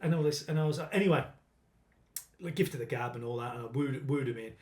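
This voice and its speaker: A man's voice: medium pitch, quick pace, a little mellow. A British man on a comedy podcast, telling a crude story in casual banter and acting out the quoted lines. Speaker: podcast host. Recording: echoey room.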